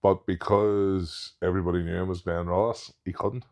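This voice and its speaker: A man, a professional strongman, chatting as a podcast guest. His voice sits fairly low. He talks frankly and matter-of-factly and laughs easily. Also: little pitch movement, normal speed, a little mellow. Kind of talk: casual chat.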